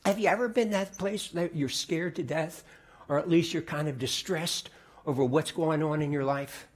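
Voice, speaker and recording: A middle-aged man preaching a sermon in a conversational way, often repeating words and dropping to soft, quiet tones. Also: a little high, moderate pace. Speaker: pastor.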